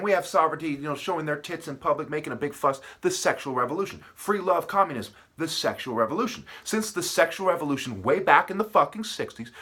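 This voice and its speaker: A man's voice: a little high, a bit bright, slightly rough. A man at his desk delivering a heated, profane monologue, repeating himself and playing on word sounds. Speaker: vlogger. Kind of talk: ranting monologue.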